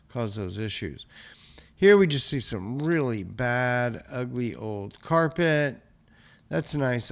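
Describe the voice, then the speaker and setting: A man hosting a real estate show, casually thinking aloud as he comments on photos of a property, often pausing to clear his throat. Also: medium pitch. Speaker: real estate investor host.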